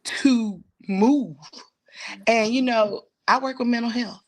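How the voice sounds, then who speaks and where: A woman's voice: fairly high pitch, takes it slowly. Woman w/ aave speech telling an emotional story, goes whispery then pleading. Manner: heartfelt, breaks into whispers, pleading. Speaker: guest. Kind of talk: emotional personal testimony.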